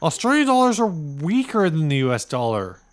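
A man's voice: fairly high pitch, very animated, moderate pace. A man co-hosting a casual podcast chat, teasing his friend and reading listings aloud with mock quotes. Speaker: podcast co-host.

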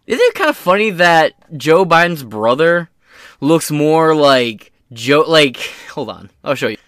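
A man's voice: a little high, very animated, a little slow, fairly bright tone, no echo, studio quality. A man hosting his own podcast, giving casual political commentary in a profane, joking, rambling way. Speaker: podcast host.

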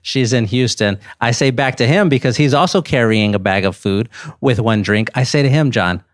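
A man in his thirties, a podcast guest, telling a casual story with animated rises into disbelief. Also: mid-range voice, a little fast, no room sound, studio quality.

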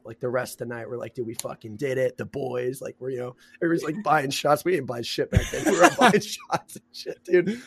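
A young man hosting a podcast, telling a story in casual chat, rambling and full of slang, laughing often. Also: mid-range voice. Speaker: podcast host.

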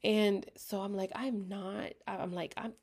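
A woman casually telling a personal story to her viewers, candid and expressive, swearing freely and slipping into half-whispers, with a dry throat she keeps clearing. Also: medium pitch, unhurried. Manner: talks in bursts, often drops to a half-whisper. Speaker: vlogger.

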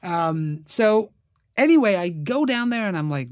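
A man's voice: high voice, moderate pace, no room sound, clean studio sound. A middle-aged actor guest in a casual interview, telling stories with lots of fillers and acting out the voices he quotes. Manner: animated, acts out quoted voices, many fillers.

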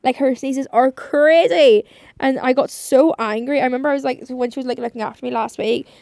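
A woman's voice: sits high, brisk, gravelly, a little mellow, no echo, clean studio sound. Rambling chatty young woman. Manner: rambling, chatty, swears a lot, heavy use of like. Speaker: podcast host. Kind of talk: casual solo monologue.

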